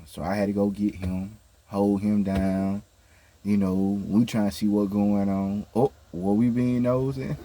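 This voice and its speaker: With a husky, lowish voice roughened a bit by a cold, this male vlogger chats through a casual story for his viewers. He gets animated recounting what happened and frequently checks in with the people watching.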